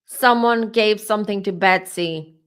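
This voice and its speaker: A woman doing a casual tarot reading for her channel, talking in an animated way and repeating herself as she works up to exclamations. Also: mid-range voice, unhurried, smooth. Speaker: tarot reader.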